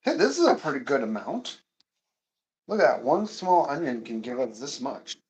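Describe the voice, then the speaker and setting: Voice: medium pitch, sing-song, normal speed, low-quality recording. A cooking streamer chatting casually and playfully, often chanting little words in a sing-song way.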